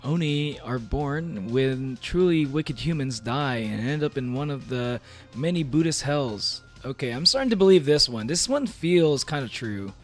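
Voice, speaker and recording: A man's voice: mid-range voice, expressive, measured pace. A man streaming casually, reading aloud and reacting with playful, rambling jokes in character as a demon, full of fillers and restarts. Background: faint background music.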